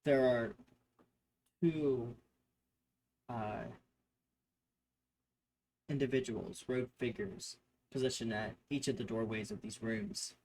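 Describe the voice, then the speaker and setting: A man's voice: medium pitch, expressive, takes it slowly, vocal fry, pauses often, darkish tone, slight background noise. A man narrating a tabletop game as game master, describing scenes off the cuff and often correcting himself mid-sentence. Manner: improvised description with fillers and self-corrections.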